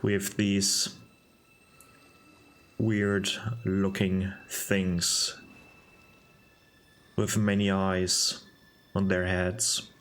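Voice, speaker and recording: A young man giving casual gameplay commentary, musing aloud in a relaxed way with hesitant restarts. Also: low voice, drawn-out words, long pauses. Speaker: game video narrator.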